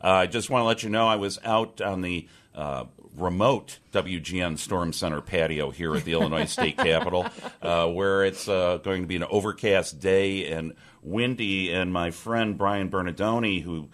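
A man's voice: low voice, fairly even intonation, normal speed, hardly any pauses, fairly bright tone. A man hosting a political radio talk show from a statehouse press room, rambling with many fillers and restarts.

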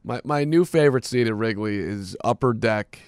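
A man's voice: mid-range voice, normal speed, a little mellow, smooth, dry recording, studio quality. A man co-hosting a sports radio show, trading easygoing banter. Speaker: radio co-host. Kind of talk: casual sports talk.

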